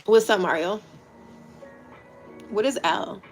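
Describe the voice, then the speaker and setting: A woman in her thirties with a Washington, D.C. accent, chatting casually and bluntly with her livestream viewers, swearing freely and dropping into quiet asides. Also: medium pitch, takes it slowly, creaky, soft background music, poor audio. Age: 30s. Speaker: livestream host.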